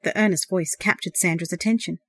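A woman narrating a novel as an audiobook, in a measured, expressive reading. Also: on the low side, no echo, studio quality.

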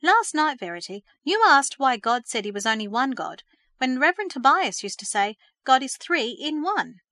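A woman's voice: sits high, very animated, normal speed, bright, forceful tone, no room sound, studio quality, voice pushed up, exaggerated voice. A woman voicing a tired, stern middle-aged mother in a read-aloud story, scolding and a little flustered. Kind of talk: storybook character reading.

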